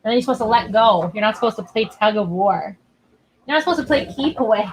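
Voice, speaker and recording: A woman's voice: on the high side, animated, quick pace, slight background noise, rough recording. A woman author chatting casually on a livestream from home, talking to her dog while she waits for viewers.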